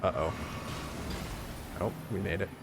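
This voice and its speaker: A man's voice: deep voice, steady tone, measured pace, creaky, very noisy. Wry Canadian man streaming a game. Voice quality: wry, chatty, swears in jest. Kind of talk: casual live-stream chat while gaming. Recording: game music playing behind.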